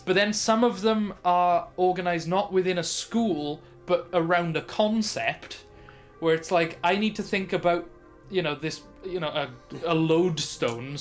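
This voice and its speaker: A man's voice: a little high, fairly even intonation, moderate pace, faint music behind. A man narrating as game master of a tabletop game, describing things in a rambling way full of fillers.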